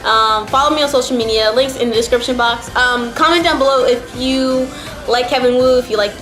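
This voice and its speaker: A woman's voice: on the high side, fairly quick, a bit bright. A young woman from New Jersey chatting casually as a vlogger, rambling and emotional, filling her talk with "like". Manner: rambling, emotional, heavy use of "like". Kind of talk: casual chat. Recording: roomy echo, faint background music. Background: faint background music.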